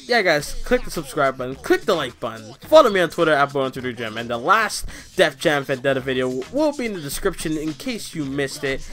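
A young man commentating a wrestling video game, loud, excitable and crude, trash-talking the opponent. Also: a little high, brisk, hardly any pauses, faint music behind. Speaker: gameplay commentator. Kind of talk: let's play commentary.

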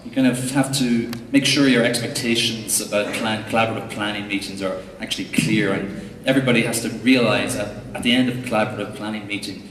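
A man's voice: on the low side, steady tone, fast, fairly bright tone, a little hiss or hum. A young Irish man giving a humorous, chatty conference talk as a tech coach, full of fillers and asides. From Ireland. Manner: jokey, chatty, lots of fillers. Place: large hall before an audience. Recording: echoey hall recording from far off.

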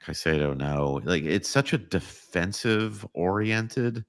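Super deep voiced dude, laid back podcast chat, lots of yeahs. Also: male voice, expressive, slow. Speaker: podcast co-host. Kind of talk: casual chat.

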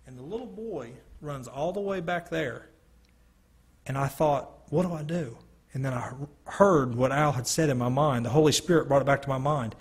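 A man's voice: medium pitch, expressive, brisk, husky. A man giving an earnest personal testimony to a gathering, telling a story with quoted dialogue. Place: church hall or meeting room. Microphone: handheld or stand mic, sometimes stepping away.

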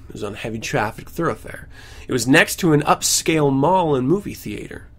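A man with a lively, swooping voice reads news items on his podcast and keeps breaking into sarcastic rants. His asides are mocking and loud, and he sits fairly high for a man. He records at home. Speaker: podcast host. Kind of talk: ranting commentary on news.

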